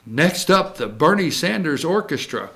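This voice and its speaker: Guy ranting on politics, sarcastic, real lively up and down. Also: on the high side, unhurried. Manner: joking, sarcastic, rambling, jumps between mock impressions. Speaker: political talk show host. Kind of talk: casual opinion commentary.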